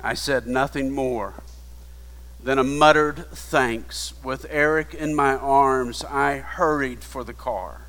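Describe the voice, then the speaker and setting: A man preaching a sermon, retelling a story in a hushed voice that builds to emphatic appeals. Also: medium pitch. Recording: long hall reverb.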